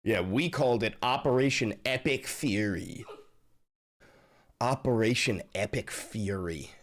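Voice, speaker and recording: A male streamer reacts to the news live, his voice sitting at an ordinary middle pitch. He swings between loud, cursing rants and quiet muttering to himself. His delivery is raw and unscripted. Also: a little slow. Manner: swings from yelling, profane outbursts to low muttering; swears constantly. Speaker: livestream host reacting to news.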